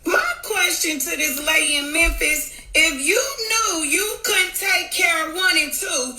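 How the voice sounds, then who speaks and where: A woman's voice: extremely high pitch, unhurried, sharp tone, echoey room, slight background noise, poor audio. A woman in a blunt, profane vlog rant addressed to her viewers. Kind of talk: ranting vlog.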